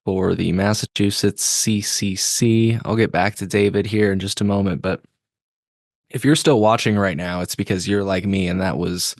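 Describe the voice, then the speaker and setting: A man's voice: on the low side, no echo, studio quality. A man hosting a podcast, commenting casually in a rambling, self-deprecating way and swearing now and then. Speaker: podcast host.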